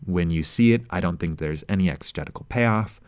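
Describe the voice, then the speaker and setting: A man teaching a grammar lesson in a measured, explanatory way, reading verses out slowly. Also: low voice, a little mellow, clear, resonant tone, no room sound, clean studio sound.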